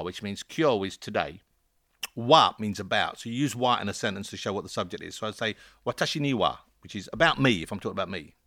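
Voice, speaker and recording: A man's voice: fairly low pitch, fairly bright tone, no echo, studio quality. A man, chatting playfully and explaining things at length in a casual talk. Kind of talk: casual chat.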